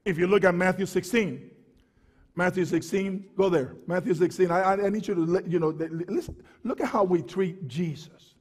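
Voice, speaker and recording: A man preaches with fervor, his voice sitting high for a man and dropping to low, quick asides before rising to shouts. He repeats and stumbles over words as he builds. Long reverb from a large church hall trails behind him. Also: husky. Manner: fervent preaching, swings from quiet to shouting. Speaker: pastor. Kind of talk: sermon.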